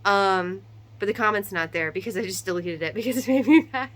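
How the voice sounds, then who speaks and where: A woman in her thirties, a mother of three, venting in a casual, animated monologue to camera with quick asides and rhetorical questions. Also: medium pitch, rough recording.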